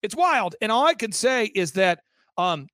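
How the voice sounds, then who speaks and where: A man, a guest on an interview show, telling an animated story and acting out the voices of people he quotes, with many restarts. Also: high-pitched, unhurried, no echo, clean studio sound. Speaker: interview guest, event organizer. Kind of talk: fast storytelling anecdote.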